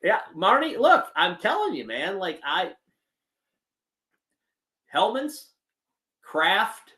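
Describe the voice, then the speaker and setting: A man's voice: sits high, sing-song, takes it slowly, pushed and bright. A man co-hosting a casual sports podcast, joking and laughing as he banters about food and football. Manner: joking, laughing often, playful rants. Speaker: podcast co-host.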